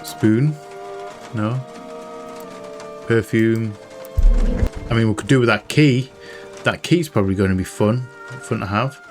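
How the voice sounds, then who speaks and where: A man casually commentating while he plays a mystery game, chatty and self-mocking as he thinks out loud. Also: lowish voice, a little slow, long pauses, over music. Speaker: game streamer. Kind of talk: casual let's-play commentary.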